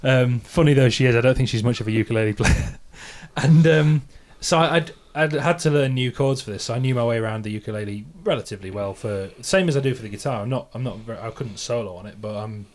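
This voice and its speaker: A man's voice: medium pitch, fast, hardly any pauses. Chatty self-mocking man on a podcast. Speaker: musician and podcast host. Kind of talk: casual podcast chat.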